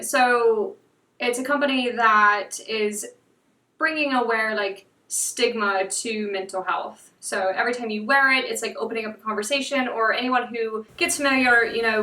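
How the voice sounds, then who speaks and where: A woman's voice: on the high side, pushed and bright, far from the mic. A young woman from the United States, a podcast guest telling a story in casual chat, full of "like" fillers. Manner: chatty, lots of "like" fillers. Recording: echoey room, off mic.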